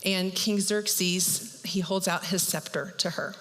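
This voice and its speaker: Woman, pastor, chatty storytelling sermon, medium pitch, long reverb. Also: takes it slowly. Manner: lively, chatty, acts out characters. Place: church.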